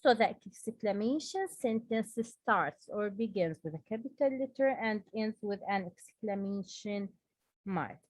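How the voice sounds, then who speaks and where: A woman teaching an English grammar lesson, speaking slowly and deliberately and repeating example sentences with exaggerated emphasis. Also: medium pitch, animated, dry recording, low-quality recording.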